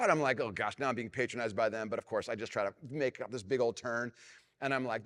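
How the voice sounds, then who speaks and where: A middle-aged man preaching a sermon as pastor, telling a self-mocking story and dropping to a hushed, prayerful tone. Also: on the low side, quick pace. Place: large church hall. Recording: long reverb of a church hall.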